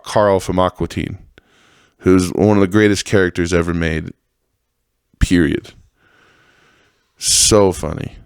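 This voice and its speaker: Deep-voiced man in a profane rambling rant. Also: smooth, dry recording, clean studio sound. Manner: profane, rambling, sarcastic, laughs often. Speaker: podcast host. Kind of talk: casual monologue rant.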